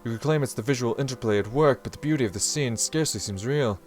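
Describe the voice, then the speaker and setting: A man's voice: mid-range voice, quick pace, faint music behind, natural voice. A man reading aloud the inner monologue of a formal, flustered young male samurai from a visual novel. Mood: earnest.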